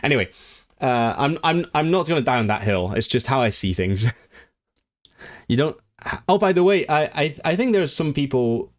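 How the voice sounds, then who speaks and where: A man from Hong Kong hosting a language livestream, reading viewer comments aloud and rambling through his replies with many restarts. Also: medium pitch. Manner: rambling, self-correcting, reads viewer comments aloud and responds animatedly.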